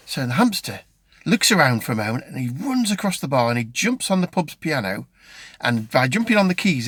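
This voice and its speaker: A man's voice: medium pitch, a bit bright, husky, no echo. Chatty middle-aged British man, dry sound. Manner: rambling, chatty, with frequent ums and restarts. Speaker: vlogger. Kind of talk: casual chat.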